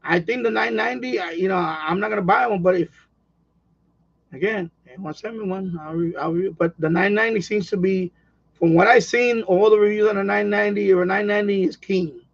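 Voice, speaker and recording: Rambling high-voiced man on a livestream. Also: fairly quick, creaky, lo-fi sound. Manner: rambling, excitable, repeats himself with restarts. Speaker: radio hobby livestream host. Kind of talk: casual livestream chat reading viewer comments.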